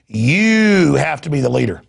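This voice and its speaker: Middle-aged male talk host, husky rasp, stammering, fired-up delivery. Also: fairly high pitch, sing-song, measured pace. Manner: impassioned, indignant, stammering repeats. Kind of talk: heated talk radio rant.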